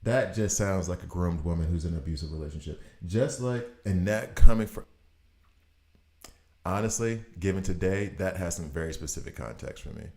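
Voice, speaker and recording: A man in his thirties giving casual gameplay commentary, riffing in an animated, exasperated way. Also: low voice, moderate pace. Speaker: gaming video host. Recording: roomy echo.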